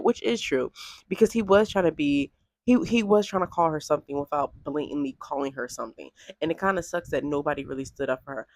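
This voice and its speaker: A woman talking casually to camera in a vlog, chatty and animated, peppering her speech with "like". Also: sits low, quick pace, no room sound. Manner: chatty and animated, heavy use of "like". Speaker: vlogger.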